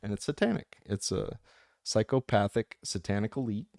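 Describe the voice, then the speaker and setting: Low gravelly man, impassioned ramble. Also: expressive, moderate pace, darkish tone, no echo, studio quality. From United States. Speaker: audiobook narrator and channel host. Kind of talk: casual chat reading comments.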